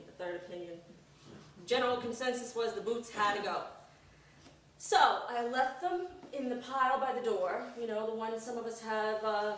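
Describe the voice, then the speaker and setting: Brief: expressive middle-aged woman telling a funny story live, distant mic, big reverberant room. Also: on the high side, a little hiss or hum. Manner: animated, acts out voices. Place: performance room. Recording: echoey room from far off.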